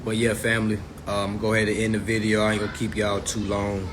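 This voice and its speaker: A man's voice: on the low side, monotone, quick pace, noisy background. A man hosting a casual livestream, talking straight to his viewers in a loose, swearing manner, recorded on a phone. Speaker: livestream host.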